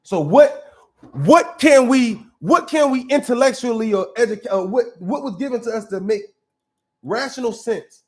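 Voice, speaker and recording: A man with a high-pitched voice hosts a casual reaction commentary. He argues bluntly and with plenty of profanity, doubling back and restarting his sentences as he works through each point. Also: expressive, moderate pace. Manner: blunt, profane, argumentative, restarts mid-thought. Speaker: commentary show host.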